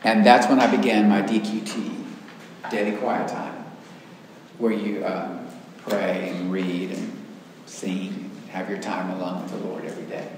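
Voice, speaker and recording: A man with an East Texas accent teaching an adult church class, chatty and self-deprecating, with hesitant fillers. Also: lowish voice. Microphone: distant room mic. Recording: echoey hall, voice far from mic, faint noise.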